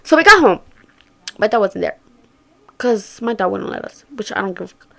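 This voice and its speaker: A woman's voice: mid-range voice, expressive, normal speed, gravelly, bright, forceful tone. A young woman telling a story to her viewers in casual chat, swearing freely and acting out what her friends said. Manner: chatty, swears a lot, acts out quoted friends. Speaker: vlogger.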